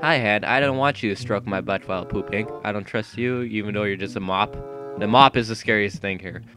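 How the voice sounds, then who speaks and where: A young man giving jumpy, profane commentary while playing a horror game, yelping and shouting when startled. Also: on the low side, fairly quick, over music. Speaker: gaming YouTuber. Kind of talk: horror let's-play commentary. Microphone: gaming mic with headphones.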